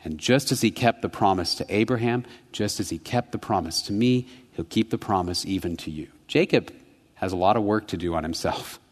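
A man preaching a sermon, telling a childhood story, swinging from hushed, slow reflection to quick, animated retelling. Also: on the low side. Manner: storytelling, rising to animated intensity then dropping soft. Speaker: pastor. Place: church sanctuary. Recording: long church reverb.

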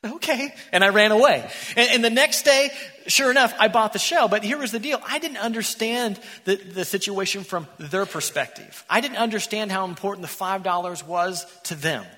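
A man preaching a sermon in a church, an animated storyteller who acts out the characters. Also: high voice, normal speed. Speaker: pastor. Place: church sanctuary. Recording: echoey church hall.

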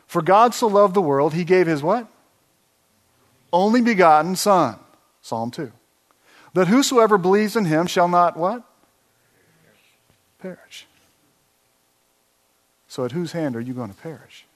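A man with a fairly high voice preaches through scripture passages. He reads verses aloud, then quizzes the congregation with quick questions. His talk is full of "uh" fillers and restarts. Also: big pitch swings. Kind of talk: expository sermon.

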